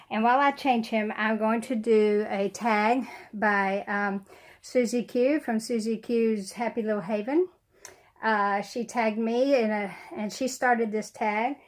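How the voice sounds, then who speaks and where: A middle-aged woman, slightly short of breath, her voice a touch weak. She chats casually and rambles to the camera at home, with plenty of fillers and small laughs. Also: a little high. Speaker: doll collector vlogger. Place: room at home.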